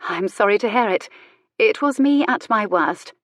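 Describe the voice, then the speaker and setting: A woman's voice: medium pitch, expressive, moderate pace, no echo, clean studio sound, voice pushed up, lightly acted. A woman voicing a witty, flirtatious disgraced countess who speaks with tart, sweet irony. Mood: arch. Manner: arch, sweetly ironic, tart.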